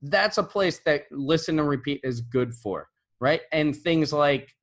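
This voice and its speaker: A man who is an English teacher, giving teaching tips to camera in a relaxed, conversational way and often checking in with "right?". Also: on the high side, a little slow. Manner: models intonation by repeating example phrases.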